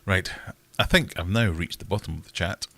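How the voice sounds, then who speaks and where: A man's voice: deep voice, brisk, pushed and bright. A man hosting a casual livestream, answering chat in a rambling, wry, self-mocking way. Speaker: livestream host reading chat.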